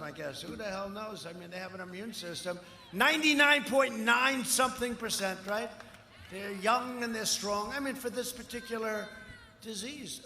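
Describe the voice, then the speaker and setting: His high-pitched voice sounds bright and forceful as this man in his seventies gives a campaign speech to a big outdoor crowd. The talk wanders and repeats, with mocking asides along the way. Audio from the rally system is echoey, long in reverb, faintly noisy.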